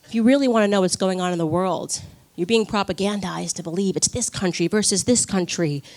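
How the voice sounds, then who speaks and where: Animated woman telling her story on stage. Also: medium pitch. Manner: animated storytelling with quick laughs and acted-out quotes. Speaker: conference speaker. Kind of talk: personal testimony speech to a live audience.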